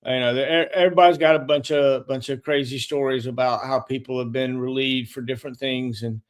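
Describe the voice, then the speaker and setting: A man hosting a casual podcast, talking in a halting way with repeated words and lots of "uh" and "um". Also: mid-range voice, steady tone. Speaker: podcast host.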